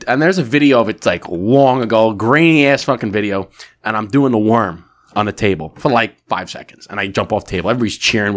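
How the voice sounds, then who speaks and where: Male podcast co-host, 30s, fast and profane, casual storyteller. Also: lowish voice, a bit bright.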